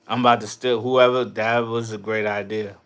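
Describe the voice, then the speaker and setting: Profane, animated man chatting on a livestream. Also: on the low side, moderate pace, smooth. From New York. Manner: loud, profane, laughing riffs. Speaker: livestream host reading chat. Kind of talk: casual livestream chat.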